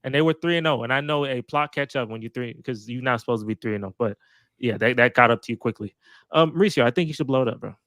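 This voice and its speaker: Fast-talking animated sports co-host man. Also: medium pitch, no room sound. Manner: animated, joking, emphatic. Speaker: podcast co-host. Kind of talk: casual sports chat.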